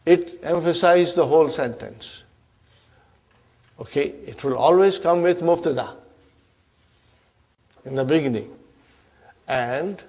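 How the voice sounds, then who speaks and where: Higher-voiced man teaching arabic grammar, unhurried, native urdu speaker, keeps asking the class if they follow. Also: darkish tone. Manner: interactive, constantly checks in with the class. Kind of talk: classroom lecture.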